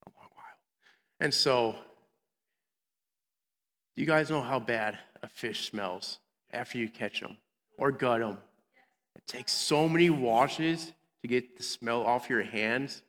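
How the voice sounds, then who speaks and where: A man's voice: medium pitch, slow pace, long pauses, fairly bright tone. A man giving a playful Bible lesson to children, acting out the characters in little voices. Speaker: children's minister. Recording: long hall reverb.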